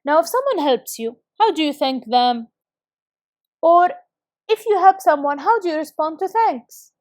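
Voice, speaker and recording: A woman teaching an English lesson to schoolchildren on video, reading example phrases slowly and carefully and often praising her students. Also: sits high, lively intonation, a little mellow, dry recording, studio quality.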